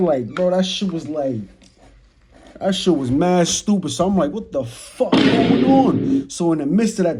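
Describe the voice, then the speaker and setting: A young man with a New York accent telling a casual storytime in slang, talking straight to his chat and acting out the moments. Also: a little high. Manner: slangy, talks to chat, animated retelling. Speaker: storyteller vlogger. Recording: noisy background.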